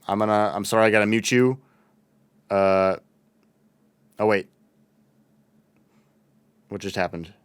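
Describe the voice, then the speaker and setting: Young guy streaming, reads chat and thanks followers, smooth clean voice, dry room. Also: lowish voice, no room sound. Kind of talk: casual livestream chat while gaming.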